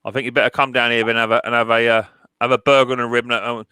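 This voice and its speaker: Brief: middle-aged man, bright and dry-sounding, chatty, stumbles and repeats words, jokey. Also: medium pitch, little pitch movement, racing, clean tone, dry recording. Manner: stammering restarts, joking, teasing. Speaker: mower repairer. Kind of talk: casual chat.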